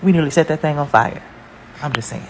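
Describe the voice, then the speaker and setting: A mother telling a spooky family story to camera, animated and dramatic, dropping to hushed tones and rising again. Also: sits low, fairly quick, a little hiss or hum, low-quality recording. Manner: animated, dramatic, swings between hushed and loud.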